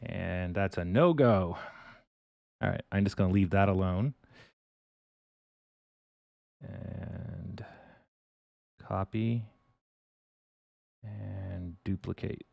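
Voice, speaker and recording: Male livestream host, casual and profane, lowish voice, slow drawl. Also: gravelly, darkish tone, no room sound. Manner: rambling, chuckling, swearing casually. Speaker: stock trading livestream host.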